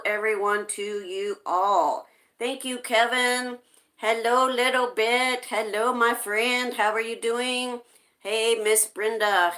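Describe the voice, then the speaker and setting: A woman's voice: medium pitch, fairly bright tone. A woman hosting a casual live stream, greeting viewers by name and reading their chat messages aloud.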